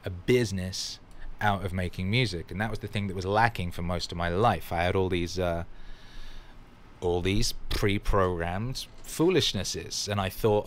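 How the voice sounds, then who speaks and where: A man with a low voice hosts a motivational livestream, building to emphatic, exclamatory bursts and swearing freely. He stops now and then to read out viewer comments. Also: moderate pace, slight background noise. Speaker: livestream host.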